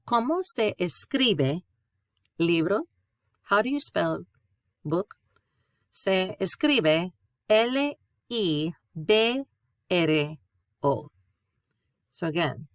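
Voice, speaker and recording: A woman teaching a Spanish lesson, patiently spelling out letters and repeating sounds clearly. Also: mid-range voice, fairly bright tone, no room sound, studio quality. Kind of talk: classroom lesson.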